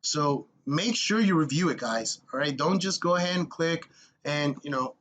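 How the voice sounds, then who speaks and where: Blunt, energetic man coaching viewers. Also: on the high side, normal speed, slight background noise. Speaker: military contracting advice vlogger. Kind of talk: casual screen-walkthrough tutorial.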